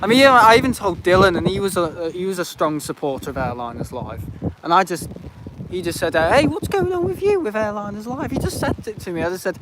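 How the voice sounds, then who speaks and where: A man's voice: high-pitched, animated, brisk. Aggrieved man rambling on an outdoor stream. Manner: rambling and aggrieved, many fillers. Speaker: livestream host. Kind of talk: casual live-stream chat. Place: outdoors at an airport visitor park. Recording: noisy outdoor stream audio.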